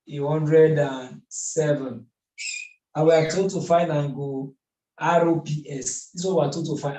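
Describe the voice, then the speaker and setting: A man teaches math at a board, his voice slightly high and mellow. He works methodically and keeps asking rhetorical questions. The recording carries a roomy echo. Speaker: math tutor. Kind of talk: whiteboard lesson. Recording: echoey room.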